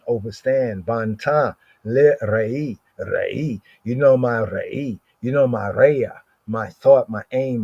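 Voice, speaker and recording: Guy going through scripture real slow, says every word like five times, dull lo-fi dry sound. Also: mid-range voice, darkish tone, no room sound. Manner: repeats words over and over, asks "right?" constantly. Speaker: Bible study teacher. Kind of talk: livestreamed scripture study. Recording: dull lo-fi stream audio.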